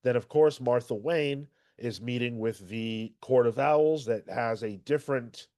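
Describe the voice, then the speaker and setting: A man's voice: mid-range voice, a little slow, warm tone, no room sound. A man hosting a casual comics podcast, talking energetically and loosely about the week's books. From Irish heritage. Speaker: podcast host.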